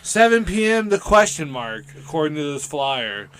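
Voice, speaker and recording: A podcast co-host with a bright, ringing voice, animated in casual chat and quick to break into laughter. He acts out little scenes with store clerks as he tells his stories. The recording is dry and close, with almost no room sound. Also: a little high, clear, resonant tone, no room sound.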